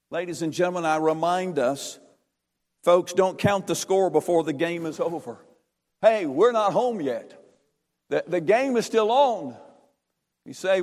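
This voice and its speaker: High-pitched preacher in a reverberant hall. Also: male voice, normal speed, darkish tone. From North Carolina, USA. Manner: fervent, repetitive, emphatic preaching cadence. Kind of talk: sermon.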